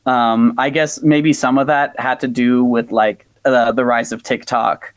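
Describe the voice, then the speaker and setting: A man's voice: mid-range voice, little pitch movement, unhurried, no echo. A man from the United States, a folk-punk musician, telling a story animatedly in a casual interview and acting out the people he quotes, with plenty of filler words.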